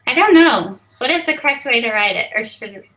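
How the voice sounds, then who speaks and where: A woman's voice: a little high, lively intonation, fairly quick, a bit bright, rough recording. A tired woman in a casual study group, drafting text aloud and asking the others for input. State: mentally tired. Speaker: study group member writing the summary.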